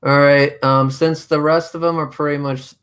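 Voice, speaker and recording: A man's voice: a little high, level tone, moderate pace, a bit bright. A man chatting casually in a group, profane and exasperated as he bickers over claims. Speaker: panel participant debunking claims.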